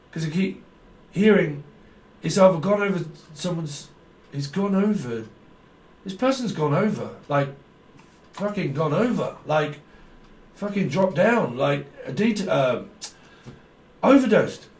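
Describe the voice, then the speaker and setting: A man's voice: fairly high pitch, very animated, measured pace, pauses often. Rambling man, echoey distant sound. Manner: rambling, free-associating, swearing and laughing. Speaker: tarot reader. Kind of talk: stream-of-consciousness intuitive reading. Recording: echoey room, mic far off.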